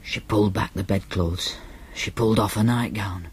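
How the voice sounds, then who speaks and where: A man with a Northern English accent narrating an audiobook in a deadpan, matter-of-fact manner. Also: on the low side, normal speed, breathy edge. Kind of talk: first-person audiobook narration.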